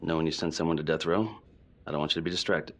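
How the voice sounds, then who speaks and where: An actor playing a steady male police chief in a video game cutscene, calm, measured and paternal. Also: extremely low pitch.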